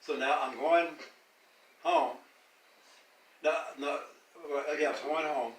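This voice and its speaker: An older man from the American South, with a slightly high voice and a steady tone, takes his time telling a family story. He rambles, repeats words, and laughs often as he goes. The recording has an echoey room, a distant mic, and loud music in the background.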